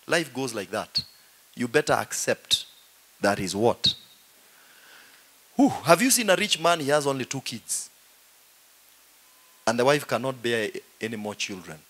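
A middle-aged man with a Kenyan accent, a pastor preaching in a joking, animated way and saying "you know" often. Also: mid-range voice. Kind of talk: humorous sermon.

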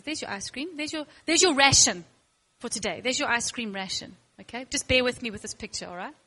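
A woman's voice: on the high side, brisk. A woman teaching worship to a class, playful and emphatic, acting out little scenes with her students. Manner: emphatic, bursts of excitement.

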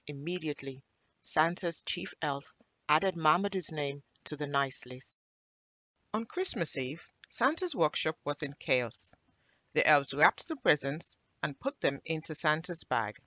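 Brief: woman storyteller, animated children's read-aloud, dry close mic. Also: low-pitched, dry recording. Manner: expressive, animated storybook reading.

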